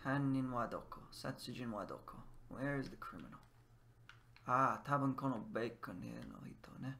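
This man's voice is gravelly and fairly bright, medium in pitch, very animated, and moderately paced, with slight background noise. He's a language teacher giving relaxed commentary while gaming, trying Japanese phrases and unpacking them in English. He thinks out loud, alternating between the two languages.

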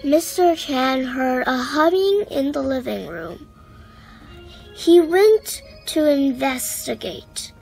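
A woman storyteller reading a picture book aloud to children in an expressive way. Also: high-pitched, slow pace, creaky, soft background music, rough recording.

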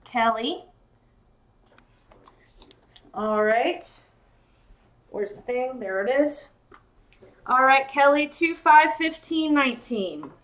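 A high-pitched woman hosts a casual late-night live-stream jewelry sale, taking it slowly and pausing often. She's excitable and gushing, calling out viewers by name, giddy yet tired.

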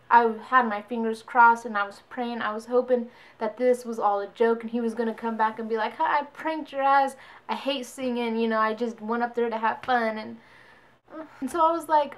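A woman's voice: a little high, moderate pace. A young woman vlogger telling a story casually, switching voices to quote people. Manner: chatty, animated quoting of others.

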